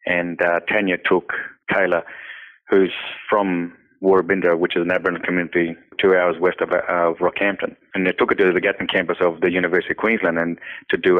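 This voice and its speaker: Deep flat man, phone line. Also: a little fast. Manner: earnest, repeats words, many "you know" fillers. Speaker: nonprofit founder, interview guest. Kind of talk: personal storytelling in conversation. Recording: tinny phone-line audio.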